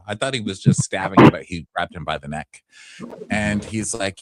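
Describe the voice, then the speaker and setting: A man's voice: low voice, moderate pace, very noisy. A man co-hosting a casual podcast, joking through a recap and throwing in character voices. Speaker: podcast co-host.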